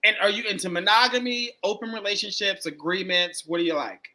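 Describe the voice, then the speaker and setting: Male dating-show host, high bright voice, chatty, echoes answers back. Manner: chatty, quick reactions, repeats answers back. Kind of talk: live-streamed dating interview.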